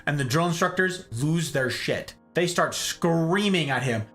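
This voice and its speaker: A man's voice: a little high, a little slow, soft background music. A man hosting a stream, telling a story casually and animatedly, often tagging lines with "okay?". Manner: animated, rambling, keeps asking "okay?". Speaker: streamer host.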